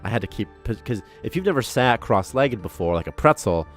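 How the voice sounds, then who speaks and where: Low-voiced man, chatty and rambling. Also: expressive, brisk, faint music behind. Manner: chatty and rambling, with lots of likes and laughs. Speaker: game programmer on a development stream. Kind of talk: casual live-stream chat.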